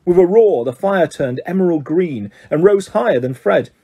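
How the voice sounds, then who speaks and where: Husky, lively male storyteller. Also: high voice, normal speed. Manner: expressive, lively reading. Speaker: audiobook reader. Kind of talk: storybook reading.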